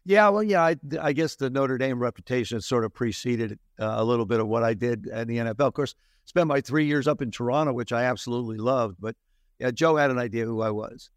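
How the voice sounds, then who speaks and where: An older man from New Jersey, a former quarterback telling animated anecdotes as an interview guest. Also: medium pitch, fairly quick, no echo, studio quality. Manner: animated anecdotes with laughs and restarts. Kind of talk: storytelling interview.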